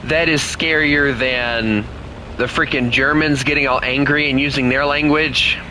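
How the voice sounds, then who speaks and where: A man's voice: medium pitch, unhurried, a little hiss or hum, low-quality recording. A man giving casual, joking commentary while playing a game with a friend. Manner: joking, animated banter with a friend. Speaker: gaming streamer.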